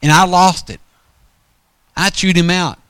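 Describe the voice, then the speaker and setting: A man's voice: high-pitched, fairly even intonation, unhurried, a bit bright, smooth, no echo. A man preaching a storytelling sermon in a folksy, rambling way, often correcting himself mid-sentence.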